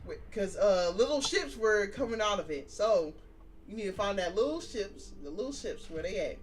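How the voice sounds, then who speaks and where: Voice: mid-range voice, lively intonation, normal speed, far from the mic, slight background noise. A streamer reading a story game aloud, breaking off into casual, profane, joking reactions. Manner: casual, profane, joking asides between read lines. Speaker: gaming streamer.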